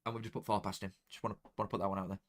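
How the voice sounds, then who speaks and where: A young man talking casually to viewers during a football watchalong, chatty and excitable, dropping into flat mutters and jumping to loud outbursts. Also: on the low side, very fast. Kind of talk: casual live commentary to viewers.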